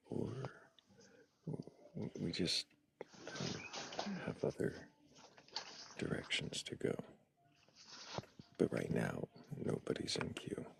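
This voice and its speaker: A man's voice: extremely low pitch, vocal fry, breathy edge. A man hosting a live stream, chatting casually and thanking viewers by name. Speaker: livestream host.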